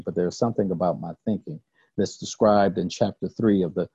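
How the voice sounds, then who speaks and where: A deep, husky older man gives an earnest recovery testimony, his voice gravelly and mellow. He talks in halting, repeating phrases. The recording is dry and a little dull. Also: no room sound. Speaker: recovery speaker.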